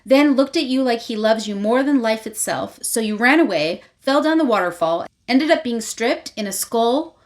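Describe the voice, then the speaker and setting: A woman reading a recap aloud as she voices a sharp-tongued young woman who talks in cryptic, teasing quips. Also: a little high, expressive, normal speed, hardly any pauses, voice pushed up, natural voice. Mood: smug.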